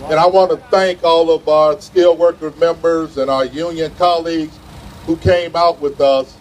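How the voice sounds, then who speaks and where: High-voiced man addressing a union rally. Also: fairly even intonation, moderate pace, darkish tone, poor audio. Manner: folksy, confident, tells anecdotes. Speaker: union vice president. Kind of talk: rally speech. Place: outdoor rally in a city.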